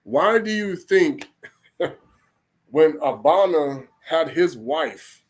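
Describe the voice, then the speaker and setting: A man's voice: on the high side, very animated, very slow. A man giving an informal spoken sermon in a rambling, colloquial way, with frequent restarts and "okay?" checks. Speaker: religious teacher.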